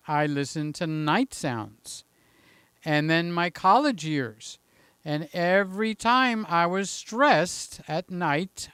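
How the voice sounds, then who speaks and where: A man in his late sixties hosts a live stream, his voice high-pitched with a fairly bright, clean tone and no echo. He chats casually and rambles as he greets viewers by name.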